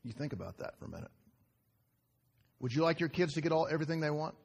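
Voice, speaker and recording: Male pastor, slightly higher voice, conversational sermon delivery with rhetorical questions and hushed asides. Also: animated, a little fast, long pauses, breathy edge. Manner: swings between raised emphasis and quiet low asides.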